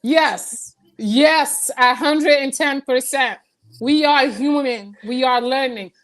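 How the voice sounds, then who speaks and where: High-voiced woman podcast host. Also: takes it slowly, fairly bright tone. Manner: reflective, acts out quoted spirits. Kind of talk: casual spiritual talk.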